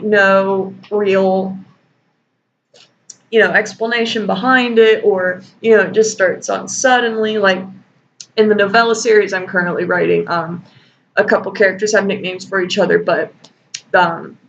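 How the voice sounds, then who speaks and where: A woman hosting a sarcastic fanfiction reading and critique. She swears freely and laughs often. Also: medium pitch. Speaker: host. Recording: dull lo-fi home recording with faint noise.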